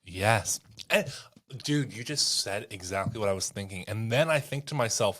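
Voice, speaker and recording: Canadian male podcast co-host, lower voice, earnest and a bit hesitant in casual talk. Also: expressive, normal speed, a bit bright. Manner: earnest, hesitant, searches for words. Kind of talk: casual political chat.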